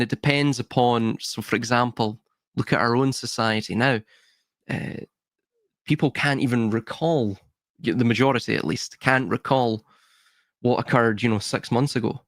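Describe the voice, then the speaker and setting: A man's voice: medium pitch, fairly bright tone, no echo. A Scottish man talking as a podcast guest in a thoughtful, hedging way, often restarting his sentences. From Scotland. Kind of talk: casual podcast chat.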